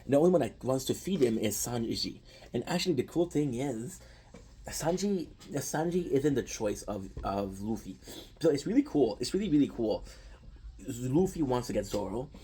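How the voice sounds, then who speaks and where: A man's voice: medium pitch, animated, normal speed, warm tone, a little hiss or hum, low-quality recording. A man casually retelling an anime story, with lots of restarts and offhand swearing. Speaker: anime commentator.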